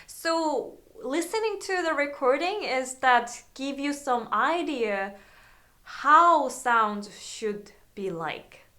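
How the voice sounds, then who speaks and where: A woman violin teacher, chatting through a casual video lesson, halting, with many fillers and restarts. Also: sits high, expressive, bright, forceful tone.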